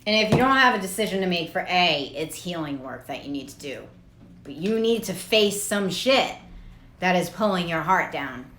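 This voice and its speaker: A woman's voice: on the low side, animated, moderate pace, roomy sound, noisy background. A woman doing a casual tarot reading vlog, talking in a rambling, profane and laughing way. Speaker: tarot reader.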